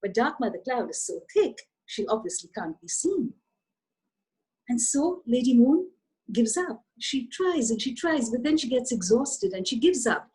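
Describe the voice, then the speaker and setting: A woman author telling a children's story in an animated, expressive way, addressing her listeners directly. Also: fairly high pitch, unhurried, breathy edge, low-quality recording.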